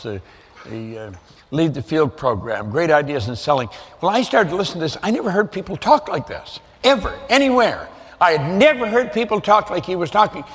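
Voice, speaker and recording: An older man speaks to a seminar audience with a fairly high voice, driving his points home through repetition. The sound rings with a long hall reverb. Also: fairly bright tone. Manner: emphatic, repeats points for effect. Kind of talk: motivational seminar talk.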